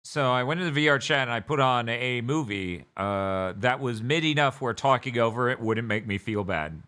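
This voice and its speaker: A man hosting a podcast, rambling through an animated casual story. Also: medium pitch, normal speed, clean tone. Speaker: podcast host. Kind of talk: casual chat.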